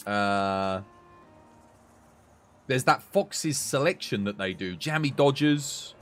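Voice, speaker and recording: A man's voice: on the low side, takes it slowly, long pauses, fairly bright tone, soft background music. A British man chatting casually with his live-stream viewers, rambling and answering chat. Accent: British English. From United Kingdom.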